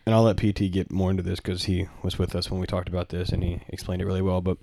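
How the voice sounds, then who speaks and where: A man's voice: sits low, flat delivery, fast, creaky, mellow, no room sound. Laid-back young man hosting a podcast. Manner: laid-back, rambling with fillers. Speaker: podcast co-host. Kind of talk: casual podcast chat.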